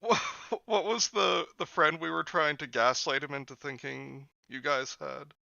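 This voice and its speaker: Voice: medium pitch, steady tone, a little slow, vocal fry, sharp tone, no room sound, highs cut off. A podcaster in their late twenties co-hosting a casual chat, joking and quoting memes. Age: late 20s. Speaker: podcast co-host.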